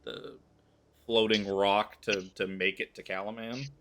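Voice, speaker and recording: Low-voiced, wry man playing a tabletop game. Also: flat delivery, measured pace, fairly bright tone. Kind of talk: casual game table chat.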